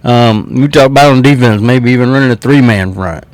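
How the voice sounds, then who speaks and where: A blunt Southern man from South Carolina riffs on football like a frustrated fan, cursing freely and chuckling between points. His voice sits at an ordinary middle pitch. The recording is dry and close, with no room sound. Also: a little fast, dry recording. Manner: blunt, swears freely, laughs between remarks. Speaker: sports fan podcaster. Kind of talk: casual fan commentary.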